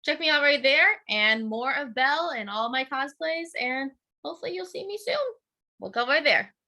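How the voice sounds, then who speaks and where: A woman chatting as a guest in a casual interview, bubbly and talkative. Her voice is bright and forward. She keeps an easy, friendly flow. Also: high-pitched, expressive. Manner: bubbly, chatty, quick laughs. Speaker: guest, teacher and cosplayer.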